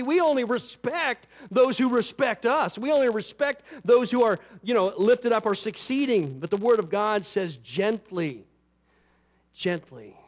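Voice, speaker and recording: A pastor with a fairly high voice preaches from the pulpit, slipping into conversational asides full of "you know" and "right." To hammer a point home, he raises his voice and slows down, and he also slows on scripture, his delivery rising and falling for emphasis.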